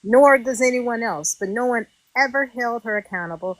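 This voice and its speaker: A woman's voice: on the high side, moderate pace, dry recording, low-quality recording. Indignant woman telling her story. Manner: animated and indignant, acts out quotes. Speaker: former reality show contestant. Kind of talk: casual interview storytelling.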